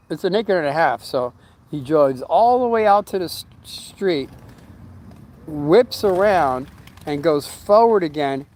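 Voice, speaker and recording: A middle-aged man telling a long story in a casual vlog at his home, rambling with fillers and restarts, and briefly acting out the voices of the people in it. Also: a little high. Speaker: storyteller vlogger.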